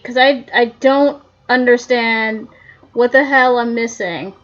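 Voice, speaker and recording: A woman's voice: fairly high pitch, slow pace, a bit bright. A woman commentating her own game playthrough, muttering to herself in frustration as she gets stuck. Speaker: gamer. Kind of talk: let's play commentary. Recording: dull lo-fi audio.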